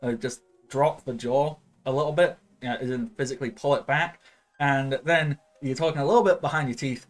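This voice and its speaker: A man's voice: medium pitch, fairly even intonation, brisk. Chatty man running a tabletop game. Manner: chatty, loose, many fillers. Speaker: game master.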